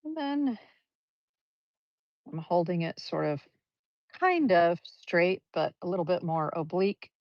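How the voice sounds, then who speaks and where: A woman's voice: lowish voice, expressive, unhurried, pauses often, dry recording. A woman leading a live brush painting demonstration, chatty and encouraging as she talks through each stroke. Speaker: art teacher. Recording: dull, lo-fi livestream audio.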